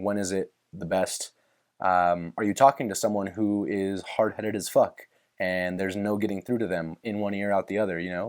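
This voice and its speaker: Profane rambling podcast host, low-voiced man. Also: a little mellow. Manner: rambling, profane, swears freely; retells movie scenes with quoted voices. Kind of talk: casual chat.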